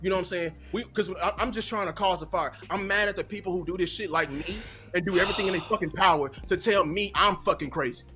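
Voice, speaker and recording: A man's voice: high-pitched, fast, hardly any pauses, over music. A man content creator ranting angrily and profanely on a watch-party stream, with stumbling repeats. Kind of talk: heated casual rant.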